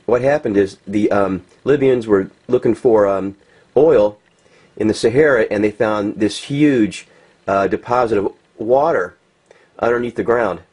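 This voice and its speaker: Husky american guy ranting over pics, fired up, lots of ums and restarts. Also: lowish voice, a little slow, darkish tone. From United States. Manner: agitated, ranting, many restarts and fillers, swears. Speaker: vlogger. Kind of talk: unscripted commentary over pictures.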